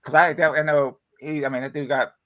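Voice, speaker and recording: A man's voice: on the high side, level tone, brisk, a bit bright. Laid-back man joking with livestream viewers. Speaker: livestream co-host. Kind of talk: casual livestream chat.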